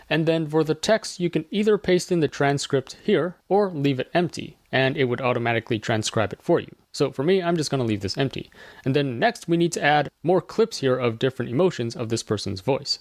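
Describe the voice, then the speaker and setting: Chatty man walking through a software demo. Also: medium pitch, no echo. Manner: chatty, explains steps as he clicks. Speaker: tutorial host. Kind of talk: casual screen-recorded software tutorial.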